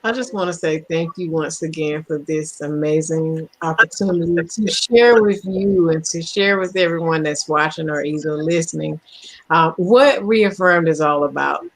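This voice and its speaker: A woman's voice: deep voice, moderate pace. A woman guest co-author speaking carefully and gratefully in a casual online interview.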